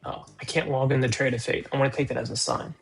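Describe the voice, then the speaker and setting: A man chatting casually on a live day-trading stream, excitable about his trades. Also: medium pitch, fast, creaky, soft background music.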